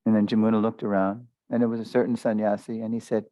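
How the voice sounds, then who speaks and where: A man's voice: on the low side, level tone, quick pace, hardly any pauses, dark tone, no room sound. A man giving a spiritual lesson as a story, talking loosely with many fillers and small chuckles. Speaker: spiritual teacher. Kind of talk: storytelling lecture.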